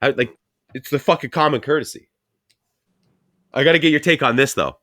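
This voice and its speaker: A man's voice: medium pitch, sharp tone, dry recording, studio quality. Blunt swearing male podcast host. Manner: blunt, heavy swearing, fast ranting. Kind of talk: casual profane chat.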